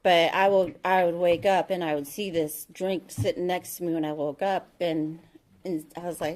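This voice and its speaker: A woman in her thirties with a fairly low voice tells her own recovery story to a meeting. Her talk is frank and halting, with many ums and restarted sentences. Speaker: AA meeting speaker.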